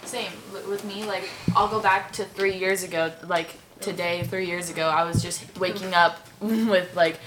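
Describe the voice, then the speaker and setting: A woman's voice: lowish voice, fairly even intonation, normal speed, hardly any pauses, noisy background. A young woman rambling in a casual group discussion, full of "like" fillers. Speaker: discussion participant.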